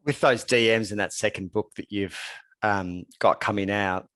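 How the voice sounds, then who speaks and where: A man's voice: lowish voice, normal speed, a bit bright, dry recording. A man hosting a podcast interview, asking long, casual questions with fillers and murmuring agreement. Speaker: podcast host. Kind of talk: conversational interview.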